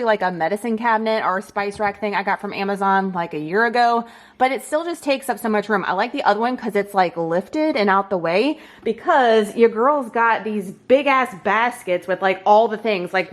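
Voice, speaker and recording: A woman vlogging casually to camera about fitness and food, chatty and upbeat, often dropping "like" and "y'all". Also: medium pitch. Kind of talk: casual vlog talking to camera.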